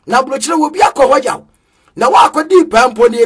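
High, husky man preaching. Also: quick pace. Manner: sing-song chanting, bursts of shouting. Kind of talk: energetic street sermon.

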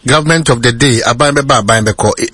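A man's voice: mid-range voice, very fast, a bit bright, breathy edge, no room sound. A Ghanaian man hosting a radio talk show, arguing politics with passion and often cutting in to hold the floor. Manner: impassioned, repeatedly cuts in with "hold on". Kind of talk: heated political debate.

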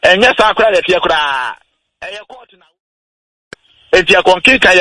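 A man on a radio talk show, patiently explaining how wills and estates work, slowing down on his key points. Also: high voice, lively intonation, pushed and bright, rough recording. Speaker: legal explainer guest.

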